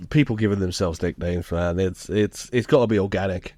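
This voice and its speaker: A man's voice: low-pitched, moderate pace, dry recording, clean studio sound. Laughing man recapping a sitcom. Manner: laughing, swearing, animated retelling. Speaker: podcast co-host. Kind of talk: casual chat recapping a sitcom.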